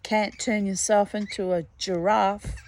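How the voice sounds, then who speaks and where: A woman's voice: medium pitch, flat delivery, a little slow, slight background noise, natural voice. A woman voicing a wily young country man who tries to trick a monster in a storybook reading, in a folksy, sly way.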